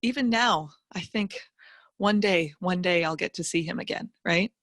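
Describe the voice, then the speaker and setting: A woman's voice: on the low side, normal speed, no echo, clean studio sound. Emphatic woman telling a motivational story. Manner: emphatic, animated storytelling with vivid asides. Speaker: guest speaker, financial educator.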